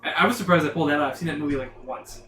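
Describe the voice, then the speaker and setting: A man's voice: a little high, very fast, heavy background noise. A man running a tabletop game on stream, rambling and often correcting himself. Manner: rambling, self-correcting, chuckling. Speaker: game master. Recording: roomy echo.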